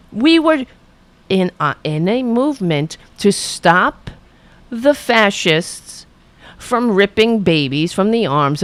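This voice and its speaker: A woman podcast host delivers a heated, profane political rant laced with sarcasm. Her pitch swings widely as she talks. The sound is dry and close, with no room echo. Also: a bit bright. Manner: heated, profane, sarcastic rants at a played clip. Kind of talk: angry political commentary.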